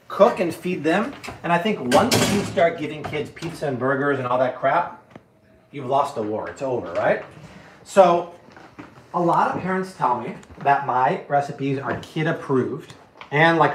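A man's voice: medium pitch, reverberant, a little hiss or hum. A man hosting a live cooking stream, chatting casually and answering viewer questions with slangy, emphatic energy. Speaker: cooking show host.

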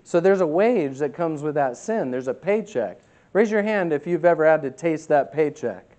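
Male pastor, higher voice, emphatic sermon delivery that swings between loud and quiet. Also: expressive. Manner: reads scripture slowly and deliberately.

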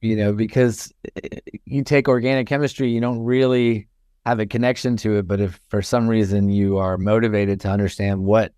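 A man with a low, resonant voice talks through his teaching in a measured, thoughtful way, often pausing on "you know" and "um". He is from Florida and sounds like a university professor. The recording is dry and close to the mic. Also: fairly even intonation, mellow, clean tone, no echo. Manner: thoughtful, measured, many fillers. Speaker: guest, chemistry professor. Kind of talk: casual interview talk.

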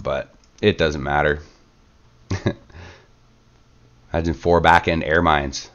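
A man hosting a gaming channel, relaxed and chatty in casual play-by-play commentary, sick and stuffed up. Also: deep voice, clean tone, highs cut off. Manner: relaxed, chatty, lots of filler words.

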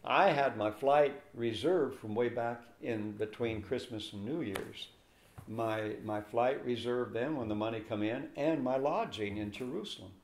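A little slow and mid-range in pitch, this older pastor tells a story in an interview, vividly acting out the voices of the people in it. The space he's recorded in is echoey.

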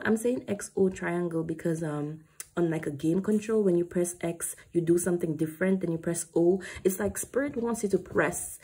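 A woman's voice: lowish voice, normal speed, dark tone, slightly rough. A woman giving an emphatic spiritual tarot reading to her viewers, preachy and casually profane. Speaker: tarot card reader.

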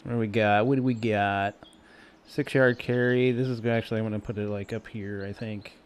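A man's voice: lowish voice, fairly even intonation, a little fast, a little hiss or hum. A man playing a golf video game and talking his way through each shot in casual, self-mocking let's-play commentary. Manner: chatty, self-mocking, talks to himself while playing.

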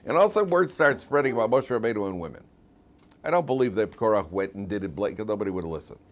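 Animated rabbi teaching a class. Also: male voice, lowish voice, quick pace. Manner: animated, acts out quotes in put-on voices, laughs often. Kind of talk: lively Torah class.

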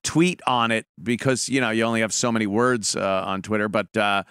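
A man hosting a call-in radio show, talking in a profane, animated, mocking way. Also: lowish voice, fairly quick, clear, resonant tone, dry recording, clean studio sound. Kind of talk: casual call-in talk.

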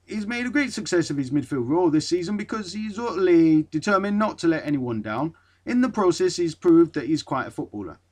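A man attempting a blunt northern footballer. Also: mid-range voice. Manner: attempted Geordie accent, clipped dialect grammar, forceful. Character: blunt northern male footballer, loyal to teammate.

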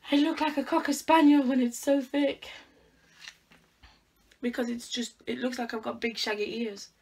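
A woman's voice: sits high, breathy edge. A young woman chatting casually at home in a vlog, thinking aloud in a self-mocking, chatty way while she styles her hair. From United Kingdom. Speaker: vlogger.

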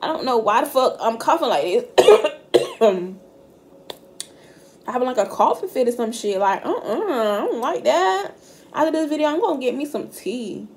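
A woman's voice: high voice, very animated, normal speed, darkish tone, a little hiss or hum. A woman giving a casual tarot reading straight to camera. She is blunt and profane and talks directly to her viewers. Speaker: tarot card reader. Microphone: camera mic.

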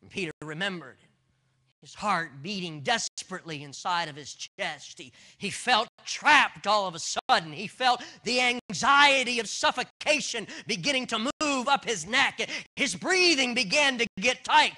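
Guy preaching in church, real high voice, slow and dramatic. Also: expressive, sharp tone. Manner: intense storytelling preaching. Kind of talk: dramatic sermon. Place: church service.

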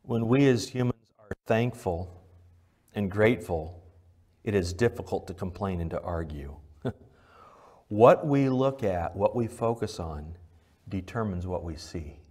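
A pastor preaching a sermon at a church service, swinging between loud, emphatic lines and quiet, low ones, and putting direct questions to the congregation. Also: male voice, a little slow, slightly rough.

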